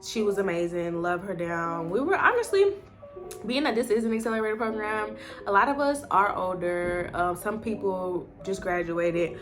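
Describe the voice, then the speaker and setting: A woman's voice: medium pitch, moderate pace, fairly bright tone, faint music behind. A woman chatting casually as a nursing student vlogger, full of "like" and "um". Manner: chatty, leans heavily on "like" and "um". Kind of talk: casual chat.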